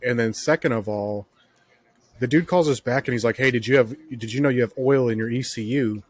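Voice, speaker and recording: A man's voice: medium pitch, fairly quick. A man host telling stories in casual podcast chat, swearing often and filling with "like" and "uh.". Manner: profane, storytelling, heavy filler words.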